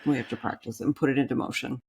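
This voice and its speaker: Low-voiced woman coach, rambling chat. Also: steady tone, husky. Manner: rambling with quick restarts and asides. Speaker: business coach. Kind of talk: casual podcast chat.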